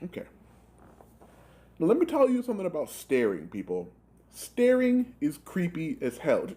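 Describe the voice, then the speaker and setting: Young guy ranting through a work story, swears a lot, voice jumps all over, kinda mellow tone. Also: on the high side, normal speed. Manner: animated, profane, rambling with filler words. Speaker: gaming channel host telling a story. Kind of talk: casual storytelling.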